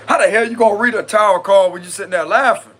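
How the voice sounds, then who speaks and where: A man's voice: high voice, fairly bright tone. A man reading tarot cards on a live stream in casual chat, giggling often and talking to viewers in loose slang. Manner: giggly, keeps breaking into laughter; chatty slang-heavy address to viewers. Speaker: tarot reader.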